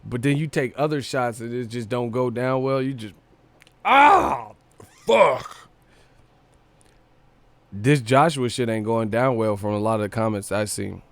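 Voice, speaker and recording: A man's voice: medium pitch, steady tone, brisk, few pauses. A young man with a Sacramento accent hosting a live boxing stream, chatting loosely and joking with his chat in slang. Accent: Northern California, Sacramento. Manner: loose and joking, reads chat aloud, laughs often, slangy.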